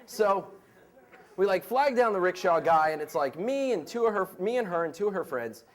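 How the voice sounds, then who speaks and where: Lively, high-voiced young American man. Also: moderate pace. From United States. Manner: casual, animated, heavy use of "like". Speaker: storyteller. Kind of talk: live story slam storytelling. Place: stage before a live audience.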